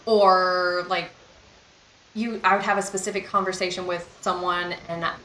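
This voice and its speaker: Young woman vlogging a story, rambly and open, bright voice, roomy echo with a faint hum behind. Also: on the low side, level tone, moderate pace. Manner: rambling and candid, heavy use of "like" and "you know". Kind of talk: casual storytime monologue.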